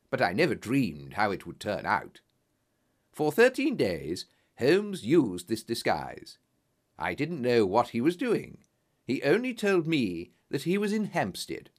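A man reading a story aloud as narrator, in an expressive, dramatic style. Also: mid-range voice.

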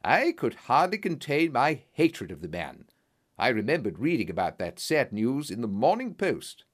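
Man narrating with a very animated pitch. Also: normal speed. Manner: expressive, dramatic reading. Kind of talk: scripted storybook narration.

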